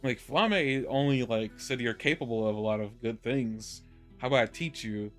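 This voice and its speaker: A man of middle pitch talks through an anime episode in a loose, rambling way, circling back and restarting his points. Soft music sits faintly behind his voice. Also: normal speed. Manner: rambling, many restarts, laughs easily. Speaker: podcast co-host. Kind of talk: casual anime review chat.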